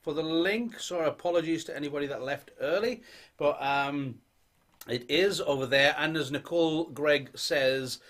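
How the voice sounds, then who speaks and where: A man's voice: fairly high pitch, normal speed, a bit bright. Guy co-hosting a stream, reads out the chat, laughs a lot, chill. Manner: reads chat messages aloud, laughs easily. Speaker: co-host of a livestream. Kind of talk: casual chat reading viewer comments.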